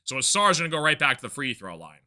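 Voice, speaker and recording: Bright-voiced man calling live basketball. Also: mid-range voice, big pitch swings. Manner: rapid game calls mixed with casual chatty asides. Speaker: play-by-play streamer. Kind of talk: live play-by-play reaction commentary.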